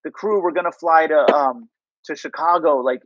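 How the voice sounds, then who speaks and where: Man, interview guest, high voice, rambling casual storytelling, dry muffled sound. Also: moderate pace, dry recording. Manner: rambling, heavy use of "like" and "you know".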